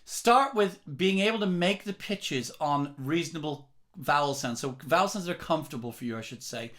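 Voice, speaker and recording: A man's voice: fairly high pitch, lively intonation, normal speed, a bit bright. A man teaching rock singing, explaining technique in a careful, step-by-step way. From England. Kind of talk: vocal lesson.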